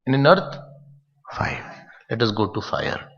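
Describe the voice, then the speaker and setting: A man's voice: fairly low pitch, huge pitch swings, unhurried, vocal fry, a bit bright. A man, a spiritual teacher giving a playful scripture lecture and quizzing his listeners. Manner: playful, asks the listeners questions. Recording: dull lo-fi recording in a reverberant hall.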